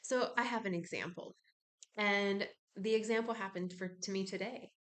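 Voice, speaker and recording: A woman's voice: medium pitch, moderate pace. A woman who works as a spiritual practitioner, talking casually and meanderingly about spiritual ideas to her viewers, with lots of fillers and side tracks. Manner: meandering, with many fillers and digressions. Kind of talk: casual spiritual musing to camera.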